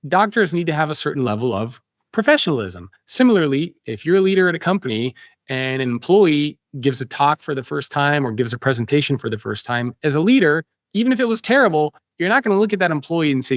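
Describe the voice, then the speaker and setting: A man, an author being interviewed on a podcast, explaining ideas in an animated way and acting out quoted voices. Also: on the high side, fast, dry recording, studio quality.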